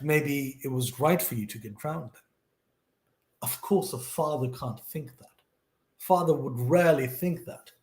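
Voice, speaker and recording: A man reading scripture aloud and commenting on it in an earnest, animated way, talking straight to the listener. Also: mid-range voice, roomy sound. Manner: earnest, animated, talks to the listener directly, repeats himself.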